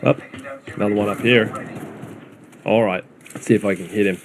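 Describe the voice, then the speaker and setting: A man's voice: fairly low pitch, steady tone, brisk, creaky, slight background noise. An Australian man streaming a video game, chatting wryly to viewers as he plays. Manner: chatty, wry, talks to viewers while playing. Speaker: streamer, host. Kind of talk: casual gameplay commentary.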